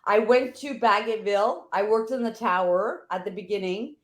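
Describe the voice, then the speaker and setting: A woman co-hosting a veterans' podcast chats casually and explains things, restarting her sentences often. Her voice is medium-pitched at a normal speed, with a roomy echo in the recording.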